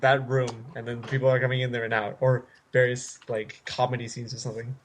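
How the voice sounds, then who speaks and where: A man's voice: medium pitch, flat delivery, slight background noise. A young man hosting an internet radio interview, asking questions full of halts and fillers. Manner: halting, filler-heavy questions.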